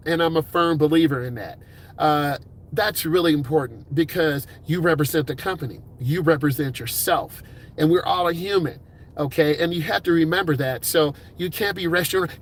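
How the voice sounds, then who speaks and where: A man's voice: on the high side, a bit bright, slight background noise. A middle-aged man, a driving instructor, giving upbeat, encouraging advice in a casual talk. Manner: upbeat, encouraging, puts on quick voices for quoted people.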